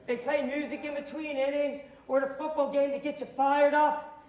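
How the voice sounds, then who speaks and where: A man speaking as a motivational speaker to students, telling a story with lots of energy. He acts out the dialogue and now and then bursts into shouts. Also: very high voice, little pitch movement, moderate pace, roomy sound. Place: school auditorium.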